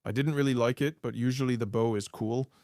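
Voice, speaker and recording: A man's voice: mid-range voice, fairly even intonation, brisk, a little mellow, no echo, clean studio sound. A man co-hosting a podcast in casual chat, easygoing, explaining things at length. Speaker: podcast co-host.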